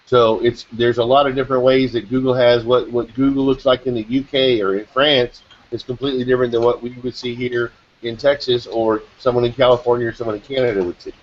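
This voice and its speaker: A man's voice: medium pitch, little pitch movement, fairly quick, slight background noise. Guy rambling on a call, keeps hunting for words, muffled sound. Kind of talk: casual group chat over a call. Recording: dull call audio.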